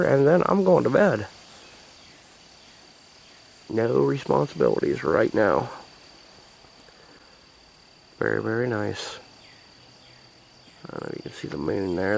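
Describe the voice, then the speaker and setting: Gravelly laid-back man talking outdoors. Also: mid-range voice, a little hiss or hum. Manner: laid-back, drawling, mutters asides. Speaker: homesteading vlogger. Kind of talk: casual rambling narration. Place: outdoors in a rural yard by a chicken coop. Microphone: handheld camera. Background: crickets and insects outdoors.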